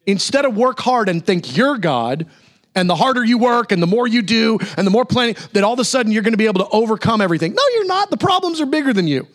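Animated preaching man, high lively voice. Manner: animated preaching with sudden high exclamations and slow emphatic repetition. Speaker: pastor. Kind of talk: sermon.

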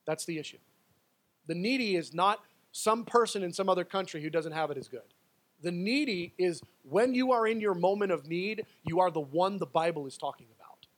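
A male pastor with a high-pitched voice delivers a sermon. He pushes into loud, pleading stretches, then drops to quiet, personal asides. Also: moderate pace.

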